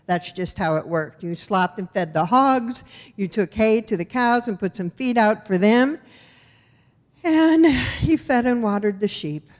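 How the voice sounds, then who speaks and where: Woman storyteller from rural Iowa, wry and expressive, mid-pitched, in a reverberant hall. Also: measured pace. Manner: wry, expressive, animated in punchlines. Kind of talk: live personal storytelling. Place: storytelling event venue.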